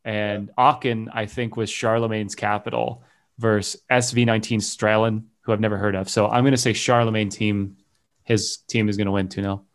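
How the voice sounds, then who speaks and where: A man's voice: fairly low pitch, flat delivery, normal speed. Male podcast host, casual, playful, laughs at his own lines. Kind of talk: casual chat.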